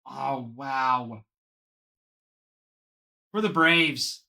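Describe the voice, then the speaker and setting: A man hosts a live card box break at an easy, unhurried pace. His voice is bright and forceful, and he gushes over each card and talks to viewers by name. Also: a little high, animated.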